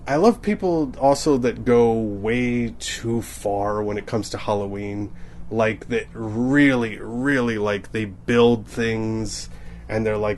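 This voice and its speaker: A man's voice: fairly low pitch, measured pace, a little mellow. A young man rambling through a comedic monologue, often cutting himself off and laughing at his own jokes. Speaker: comedian podcaster.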